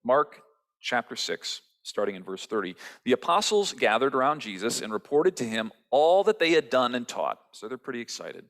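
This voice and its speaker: A male pastor giving a sermon in a relaxed, conversational storytelling way. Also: medium pitch, moderate pace. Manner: conversational storytelling, acting out quotes.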